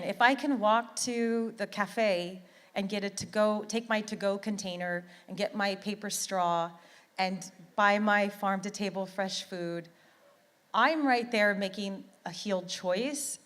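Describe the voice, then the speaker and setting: A woman's voice: medium pitch, a little slow, fairly bright tone, in a large hall. A middle-aged woman from Canada giving an earnest, heartfelt motivational talk as a conference speaker, often repeating words for emphasis.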